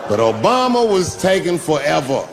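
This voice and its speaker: A man telling a profane, animated stand-up story and acting out the people in it. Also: a little high, moderate pace, gravelly, big-room sound, crowd noise, noisy background. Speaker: stand-up comedian.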